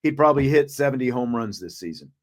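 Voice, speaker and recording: A man hosting a podcast in casual sports chat, relaxed and reading out viewer comments. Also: medium pitch, fast. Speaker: podcast host.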